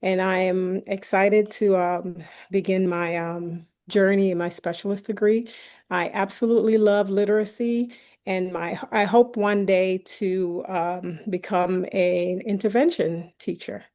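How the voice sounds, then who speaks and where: A woman special education teacher introducing herself briskly on a video call. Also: mid-range voice, fairly even intonation, darkish tone. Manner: quick and brisk at first, listing facts.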